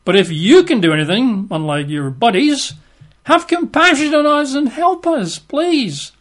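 A man voicing a desperate father begging for help for his sick son, in a strained, high pleading voice. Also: very animated, measured pace, fairly bright tone, full character voice.

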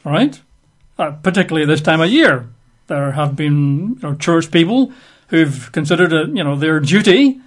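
A man's voice: on the high side, lively intonation, moderate pace. A man giving a conversational Bible teaching, chatty and wry, with frequent fillers.

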